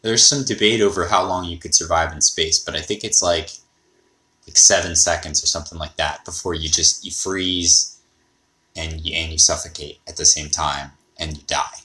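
A man's voice: low voice, steady tone, normal speed, bright, forceful tone. A man hosting a podcast, rambling and thinking aloud in a casual monologue. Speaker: podcast host.

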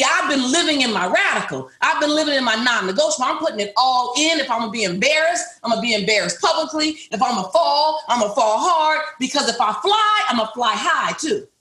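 A middle-aged business owner tells a group a personal story in motivational fashion, emphatic and repetitive, speaking straight to her listeners. Her voice sits high with a bright, forceful tone, and the recording has a roomy echo.

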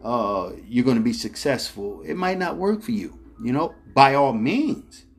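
Slow, rambling storytelling man. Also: mid-range voice, big pitch swings, husky. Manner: rambling, repeats words, chuckles as he tells; addresses viewers directly as ladies and gentlemen. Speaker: travel vlogger. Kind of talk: casual storytelling.

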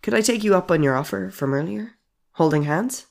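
A man voicing a shy, teasing young man in a storybook audio drama, gentle and wry. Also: high-pitched, lively intonation, a little fast, creaky, pitched above the performer's own voice.

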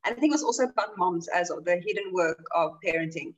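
A woman's voice: fairly low pitch, fast talker, lo-fi sound. A woman who is a teacher, making an earnest case in a casual chat. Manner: earnest, building an argument. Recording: distant from the mic.

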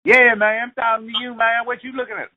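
A man voicing a hotheaded young street tough who is picking fights, loud and taunting. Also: very high voice, flat delivery, fast talker, voice pushed up. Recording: tinny dry phone line.

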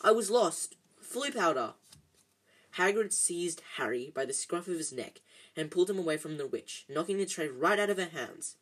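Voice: mid-range voice, lively intonation, fairly quick, rough recording. A reader narrating a storybook in an amateur audiobook style, often stumbling and correcting themselves.

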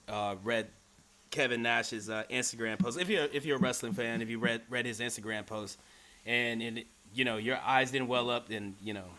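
Bright-voiced man hosting casually. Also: mid-range voice. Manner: relaxed, conversational, lots of you know. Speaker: host. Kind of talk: casual podcast talk.

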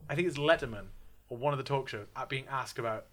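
A man's voice: mid-range voice, fast, slight background noise. A young man co-hosting a podcast, chatting casually and rambling, fond of doing impressions. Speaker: podcast co-host. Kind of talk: casual chat.

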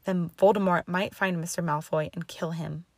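Woman narrator voicing a steady older headmistress witch, low, slight fry, dry audiobook sound. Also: no echo. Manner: calm, measured, sympathetic.

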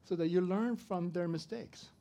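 A middle-aged man preaching a sermon, swinging from loud to soft as he tells a story. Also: high-pitched, moderate pace, vocal fry. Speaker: pastor.

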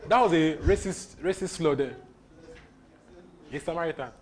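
A man's voice: a little high, moderate pace. A man leading a Bible lesson, breaking in on the reading to explain and repeat key phrases with emphasis. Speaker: Bible teacher. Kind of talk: commenting on a scripture reading.

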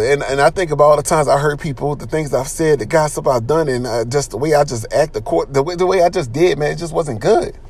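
A man's voice: a little high, brisk, creaky, darkish tone, husky. A man giving an informal sermon in an earnest, conversational way, with slang and lots of repetition. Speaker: preacher.

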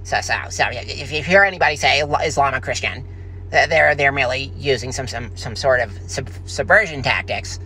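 A man's voice: medium pitch, fairly quick, bright, forceful tone, a little hiss or hum. A man arguing heatedly, stumbling and repeating his words as he talks. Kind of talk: heated argument.

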